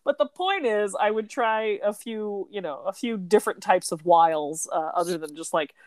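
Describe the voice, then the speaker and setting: A woman's voice: medium pitch, animated, normal speed, darkish tone, no room sound. A woman in her thirties from the United States chatting on a podcast, telling a story with lots of laughs and casual swearing. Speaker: podcast co-host.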